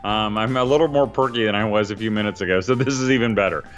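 A man's voice: lowish voice, fast, faint music behind. A tired middle-aged man co-hosting a podcast in casual chat, rambling with lots of fillers. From northern Indiana. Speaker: podcast co-host, father. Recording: dull lo-fi sound.

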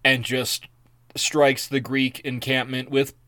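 A man's voice: mid-range voice, flat delivery, slow, bright, forceful tone, no echo. A man co-hosting a podcast, chatting casually and going along easily with his partner. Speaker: podcast co-host.

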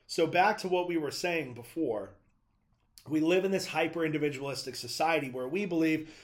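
A man's voice: on the high side, normal speed. A young adult man giving a preaching monologue as a Christian speaker, telling stories in an earnest, conversational way.

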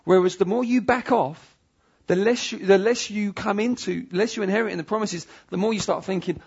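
Emphatic preacher with gravelly voice. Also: male voice, high voice, brisk, darkish tone. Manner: emphatic, pleading, repeats phrases. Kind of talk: sermon. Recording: dull lo-fi sound.

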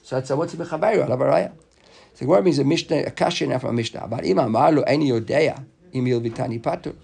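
A man's voice: medium pitch, quick pace, gravelly, darkish tone, husky. A man giving an informal Talmud lesson, explaining the text in a loose, chatty way and often repeating words as he thinks aloud. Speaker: Talmud teacher.

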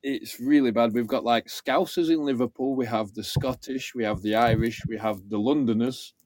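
A man's voice: medium pitch, moderate pace, darkish tone, no echo. Man, eager explainer, dead-dry close recording. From England. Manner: enthusiastic, explains things. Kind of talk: casual chat.

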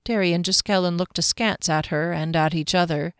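A woman's voice: lowish voice, steady tone, fairly quick, smooth, no room sound. Woman narrating a fantasy audiobook, dry sound. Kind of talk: scripted narration.

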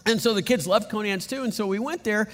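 Male pastor, middle-aged, high voice, animated emphatic storytelling, echoing church hall. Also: fast talker. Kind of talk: sermon.

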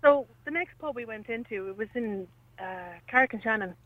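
A woman's voice: on the high side, fairly quick, no room sound, phone-quality sound. A young Irish woman calling a radio show, nervous and chatty as she tells a story. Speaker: radio caller. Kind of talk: phone-in chat.

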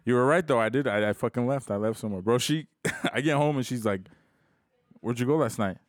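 A man's voice: mid-range voice, fast, no room sound. Young dude on a podcast, swears nonstop, laughs thru his stories, dry close sound. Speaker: podcast co-host. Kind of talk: casual chat.

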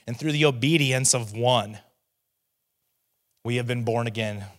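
A man delivering a sermon at a middle pitch, talking easily to the congregation with restarts and little asides. He rises now and then into loud, emphatic proclamations on the key phrases. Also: unhurried. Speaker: teaching pastor.

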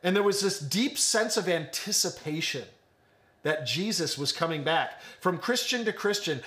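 A man's voice: fairly high pitch, expressive, normal speed, a bit bright. A young man preaching an earnest online sermon, building emphasis through repetition. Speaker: pastor.

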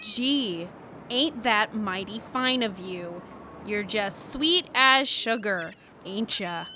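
A woman's voice: medium pitch, animated, a little slow, fairly bright tone. A woman acting in an audio drama, grumpy, blunt and sarcastic. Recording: clear background noise.

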